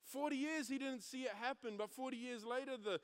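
A young man preaching a sermon, mixing scripture with a school story, energetic and emphatic with frequent restarts. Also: extremely high pitch, brisk, clear, resonant tone. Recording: long hall reverb.

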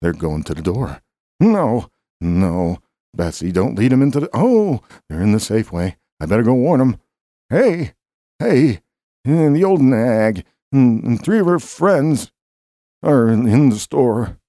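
A man playing a simple jobless drifter, dark, animated voice with pitch jumping up high, repeats himself, dry close recording. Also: unhurried, no echo. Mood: alarmed. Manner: rambling, childlike, repeats himself. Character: simple, eager jobless drifter man who owns a mule. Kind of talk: improvised comedy bit.

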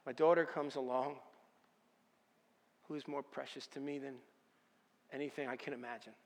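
A man preaching an earnest sermon as a pastor, moving between fervent declarations and quiet personal confession. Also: mid-range voice, fairly even intonation, moderate pace. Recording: long reverb of a large hall.

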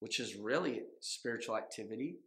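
A man's voice: lowish voice, lively intonation, fairly quick, fairly bright tone. A man in his thirties, a pastor giving a sermon in a conversational way, repeating phrases for emphasis and checking in with the congregation. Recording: echoey room.

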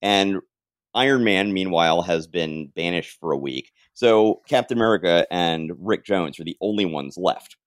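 Podcast co-host, man, very low voice, dry close sound, lively recapping of comics. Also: moderate pace, no room sound. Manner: animated recapping, briefly acting out characters' lines. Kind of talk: casual comic-book recap.

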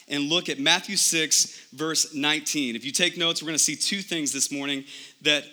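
A man preaching a sermon, talking conversationally with frequent "right?" and swinging from emphatic highs to quiet lows. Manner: animated preaching, rising to emphatic highs then dropping low; conversational, repeats words and asks "right?". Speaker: pastor.

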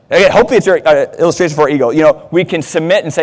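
A man's voice: on the high side, big pitch swings, fast talker, few pauses. A man, a pastor, giving a casual, self-deprecating sermon in a church, with fillers and asides. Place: church sanctuary. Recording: long reverb of a church hall.

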